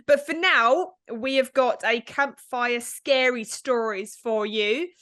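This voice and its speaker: A woman co-hosting a podcast in casual chat, animated and laughing as she tells stories. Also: fairly high pitch, no echo, studio quality. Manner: animated, quick bursts, laughs while telling stories. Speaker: podcast co-host.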